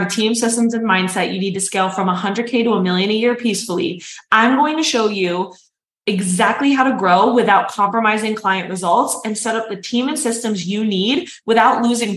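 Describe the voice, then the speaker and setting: A woman's voice: mid-range voice, brisk, fairly bright tone. A woman podcast host reading a scripted promo in an upbeat, salesy way. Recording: roomy echo.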